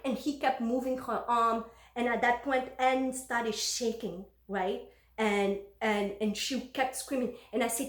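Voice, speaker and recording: A woman's voice: fairly high pitch, steady tone, measured pace, roomy sound. A woman telling a personal story in a casual, emotional way, with many fillers and restarts.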